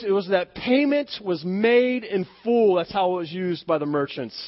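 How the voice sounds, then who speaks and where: A man preaching a sermon with emphatic delivery, dropping to near-whispers and rising to stressed loud words, asking the congregation to repeat phrases after him. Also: high-pitched. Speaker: pastor. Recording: dull lo-fi sound.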